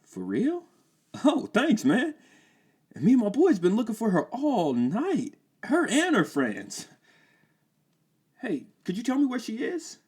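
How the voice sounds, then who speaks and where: A man doing a frantic squeaky young guy. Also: wildly swooping pitch, measured pace, long pauses, a little mellow, slightly rough, full character voice. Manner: high, frantic, yelping. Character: panicky young man in a caper.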